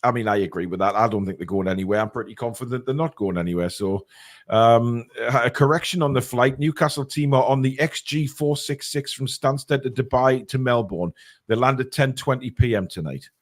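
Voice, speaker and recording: A man hosting a casual podcast, reading out comments in a blunt, halting, sometimes sweary way. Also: mid-range voice. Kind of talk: casual chat.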